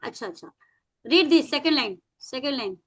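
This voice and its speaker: High, bright Indian-accented woman teacher. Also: expressive. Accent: Indian English. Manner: mixes Hindi and English, drills words slowly. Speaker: English teacher. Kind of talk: online class teaching. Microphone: video call.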